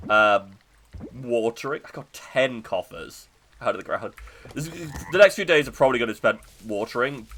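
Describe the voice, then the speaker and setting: Animated, chatty male game streamer. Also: medium pitch. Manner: chatty, self-mocking, quick to laugh. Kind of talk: live gameplay commentary.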